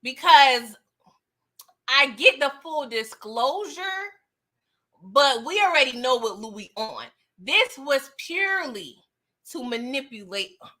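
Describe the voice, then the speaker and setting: A woman casually recapping a TV episode in slangy, animated talk, laughing often. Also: high voice, slow pace. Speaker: TV recap host.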